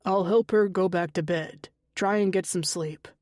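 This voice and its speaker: Woman voicing a calm, tired grown son. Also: fairly low pitch, moderate pace, no room sound, clean studio sound, close to an everyday voice. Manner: quiet, steady reassurance.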